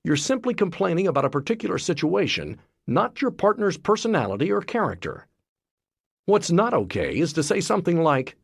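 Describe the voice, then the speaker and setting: A man reading a self-help book aloud as scripted narration, in a lively, expressive way. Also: fairly high pitch, brisk, creaky, breathy edge, dry recording, studio quality. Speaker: audiobook narrator.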